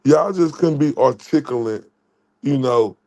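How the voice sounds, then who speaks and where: A man's voice: mid-range voice, a little slow, mellow. A man from Dallas, Texas hosting a livestream and ranting with profane, repetitive insults. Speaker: livestream host. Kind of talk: heated livestream rant.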